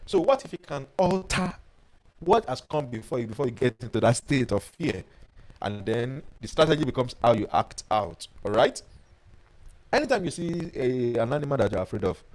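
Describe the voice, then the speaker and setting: Animated man coaching a webinar. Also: medium pitch, normal speed, poor audio. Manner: animated storyteller who reads out viewer comments. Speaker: life coach hosting a webinar. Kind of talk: webinar teaching with personal stories.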